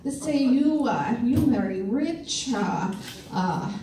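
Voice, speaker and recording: A woman putting on the voice of a young girl who fakes a reading in halting, sing-song broken English. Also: fairly high pitch, lively intonation, warm tone, heavy reverb, distant mic, a little hiss or hum. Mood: fake solemn.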